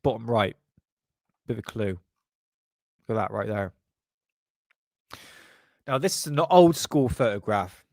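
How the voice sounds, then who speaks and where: A man's voice: lowish voice, animated, unhurried, pauses often, darkish tone, no echo, studio quality. A man hosting a casual vlog, giving crude, joking commentary on paranormal photos and laughing often. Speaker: channel host.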